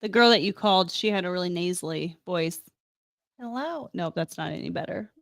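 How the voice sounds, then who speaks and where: A woman's voice: on the low side, fast talker, gravelly, fairly bright tone, no room sound, studio quality. A woman co-hosting a morning radio show, teasing and laughing in casual banter.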